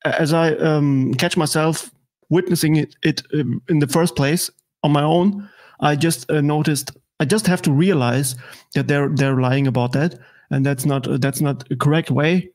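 German guest, non-native English, fairly high male voice, halting and filler-heavy. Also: darkish tone. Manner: halting, many fillers and restarts. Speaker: guest political commentator. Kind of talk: casual interview chat.

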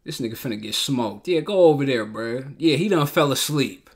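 A man's voice: mid-range voice, lively intonation, normal speed. A man hosting a show reaction, talking bluntly in profane slang and repeating himself in heated outbursts. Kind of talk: casual reaction commentary.

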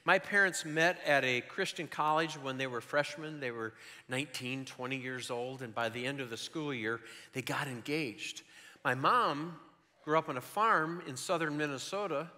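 A man in his sixties preaching a sermon, telling stories in an animated way that swings from loud to hushed. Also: a little high, long reverb tail. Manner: animated storytelling, shifting between loud and hushed.

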